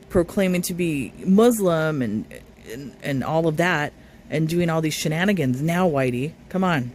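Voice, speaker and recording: Male reaction streamer, slightly high voice, reads chat and rebuts it, faint hiss behind. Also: a little mellow. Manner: reads viewer comments aloud, then argues back. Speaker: reaction commentator. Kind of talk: live stream commentary.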